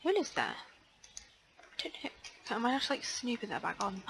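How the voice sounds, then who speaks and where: A young woman chatting casually through a life-sim let's play, excitable, gasping and filling pauses with ums. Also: fairly high pitch, poor audio. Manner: chatty and excitable, frequent gasps and fillers. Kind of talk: casual gameplay commentary.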